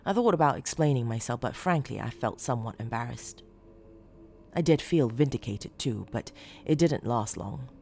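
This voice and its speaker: A woman's voice: a bass voice, lively intonation, moderate pace, creaky, warm tone, slight background noise. Woman narrating a horror story. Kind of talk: scripted narration.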